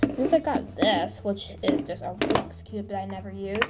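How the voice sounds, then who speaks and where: A woman's voice: normal speed, very noisy, natural voice. A woman voicing a young female vampire princess in a toy figure drama, whiny and exclaiming. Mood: grumbling. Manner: whiny, exclaiming, high and lively.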